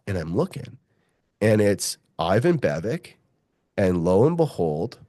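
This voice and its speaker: A man's voice: fairly low pitch, measured pace, no room sound, clean studio sound. A middle-aged man, a mining geologist, telling a long story in an interview, swearing freely and acting out the voices of the people he quotes. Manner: profane, animated, acts out quoted voices.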